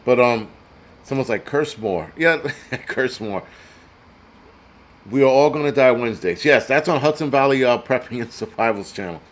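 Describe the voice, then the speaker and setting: A man's voice: medium pitch, moderate pace, pauses often. A man hosting a prepper show, ranting in crude, sarcastic live-stream commentary and reading out donor names. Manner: reads donor names aloud. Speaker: prepper channel host.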